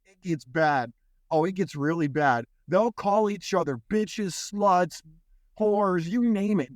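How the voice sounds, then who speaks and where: A young man hosting a podcast, telling a story in casual chat with loose swearing and quick impressions of other people. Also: a little high, dry recording, studio quality. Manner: animated, swears freely, mimics others in quotes. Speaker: podcast host.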